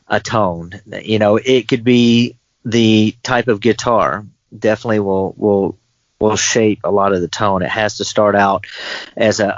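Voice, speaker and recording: A man's voice: fairly low pitch, dry recording. A man, a guest guitarist, giving thoughtful, meandering explanations in a casual interview. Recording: dull lo-fi dry sound.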